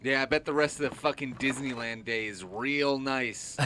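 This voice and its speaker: Bright-voiced man joking on a stream. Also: mid-range voice, normal speed, slight background noise. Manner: joking, swears casually. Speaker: co-host of a gaming stream. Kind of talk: casual let's-play chat.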